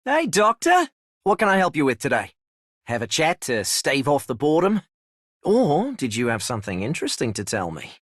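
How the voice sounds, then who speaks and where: A man's voice: fairly high pitch, huge pitch swings, moderate pace, fairly bright tone, dry recording, full character voice. An actor playing a laid-back, cheeky young male game character who plays pranks, in an imitated Australian bogan accent. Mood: friendly. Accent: Australian, imitated by a non-native speaker. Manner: easygoing, teasing, broad bogan drawl.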